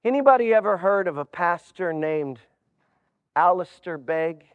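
A man's voice: high-pitched, lively intonation, measured pace, clean tone. A male pastor preaching a sermon with humorous storytelling and wry asides. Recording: dull sound in a reverberant hall.

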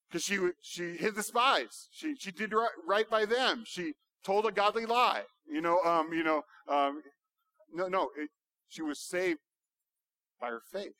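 A male pastor preaching a sermon, building to loud, emphatic rhetorical questions. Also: high voice, no room sound.

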